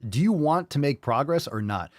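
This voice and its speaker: A man's voice: a little high, very animated, moderate pace, a little mellow, dry recording. Profane, blunt man ranting, dry sound. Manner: mocking impressions of listeners. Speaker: podcast host. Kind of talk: live podcast rant.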